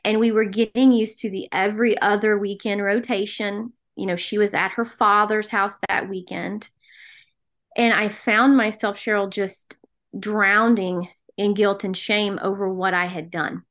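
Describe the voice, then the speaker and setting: A woman's voice: mid-range voice, steady tone, measured pace, fairly bright tone. A middle-aged woman from the American South, telling her personal story as a podcast guest in an earnest, emotional way. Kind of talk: personal testimony in an interview.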